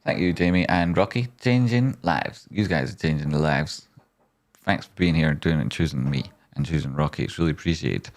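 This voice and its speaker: A man's voice: a bass voice, fairly quick. A man hosting a casual stock market livestream, rambling as he talks straight to his viewers.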